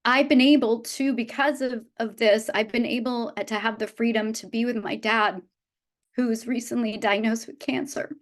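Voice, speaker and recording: A woman's voice: fairly high pitch, fairly even intonation, moderate pace. A woman in her fifties giving a heartfelt motivational talk to a live audience of her business team, earnest and often restarting her sentences. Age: 50s. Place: event room with a live audience.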